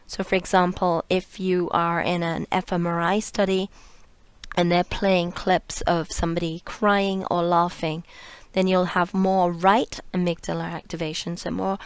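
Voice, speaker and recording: A woman's voice: fairly low pitch, level tone, unhurried, clear, resonant tone. A woman narrating a lecture over slides, explaining step by step with fillers and restarts, sometimes trailing off to a near whisper.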